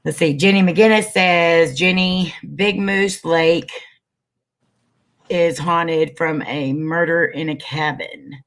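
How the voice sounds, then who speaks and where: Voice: mid-range voice, takes it slowly. A host in a casual interview, reading viewer questions aloud and answering with short agreeing replies. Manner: relaxed, reads out chat questions, brief agreeing replies.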